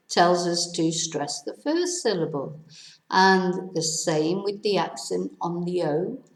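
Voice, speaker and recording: A woman's voice: lowish voice, reverberant, low-quality recording. A woman teaching a Spanish pronunciation lesson, spelling words out letter by letter and correcting herself as she goes. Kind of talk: language lesson.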